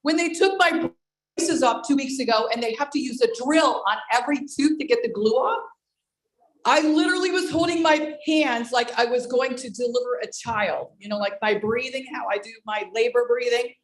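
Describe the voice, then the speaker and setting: A woman in her sixties giving an animated personal testimony on a team video call, exclamatory and speaking straight to her listeners. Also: a little high, moderate pace, reverberant, poor audio. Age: 60s. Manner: excitable, exclamatory, addresses listeners directly. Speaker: presenter at a network marketing team call.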